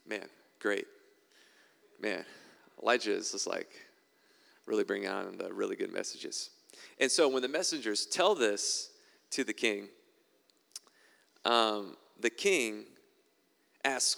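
A man's voice: lowish voice, normal speed, creaky, long pauses, a bit bright, long reverb tail. A man preaching a sermon and reading scripture aloud, conversational with wry asides.

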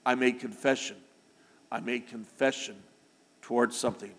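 A man preaching a sermon to his congregation, building to loud, emphatic declarations. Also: medium pitch, fairly even intonation, normal speed, long reverb tail. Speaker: pastor. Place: church sanctuary.

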